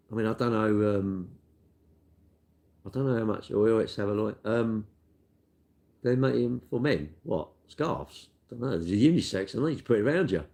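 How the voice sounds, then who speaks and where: An older Englishman chats casually and rambles, poking fun at himself and calling everyone mate. His voice sits low with a gravelly, creaky edge. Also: warm tone. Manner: rambling, self-deprecating, matey. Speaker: cake shop worker answering viewer questions. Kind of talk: casual chat.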